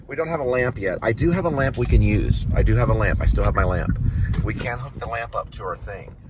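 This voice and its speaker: A man's voice: fairly low pitch, a little fast. Chatty man talking in a noisy car. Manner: rambling, chatty, jokey. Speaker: vlogger, driving along with his wife. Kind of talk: casual chat in a car. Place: inside a moving car.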